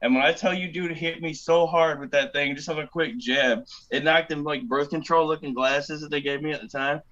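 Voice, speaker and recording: Podcast guest, male veteran, animated storyteller who curses freely and imitates voices, on slightly dull audio. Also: fairly high pitch, a little fast. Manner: animated, swears a lot, acts out quoted voices. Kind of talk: casual storytelling.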